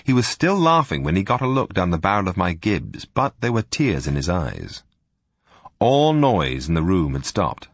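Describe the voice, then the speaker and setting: Husky, lively first-person male narrator. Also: low-pitched, normal speed, no room sound. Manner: wry, lively storytelling that slips into character voices. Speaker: audiobook narrator.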